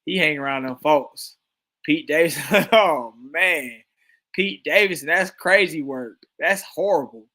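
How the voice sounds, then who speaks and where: A man's voice: a little high, unhurried, sharp tone. A man giving casual, slangy reaction commentary on a video, often laughing and repeating himself. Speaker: reaction streamer.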